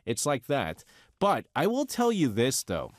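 Lively middle-aged New York radio host. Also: male voice, mid-range voice, measured pace, no room sound, studio quality. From United States. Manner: rambling, with many fillers and restarts. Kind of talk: casual radio chat.

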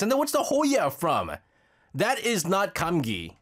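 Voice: medium pitch, wildly swooping pitch, moderate pace, slightly rough. A radio host in casual chat, teasing a co-host and laughing often.

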